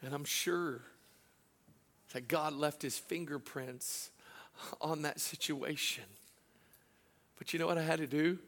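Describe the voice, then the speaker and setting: A middle-aged man, a pastor, preaching a sermon through a personal story, swinging from loud laughing asides to hushed, slow moments. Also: a little high.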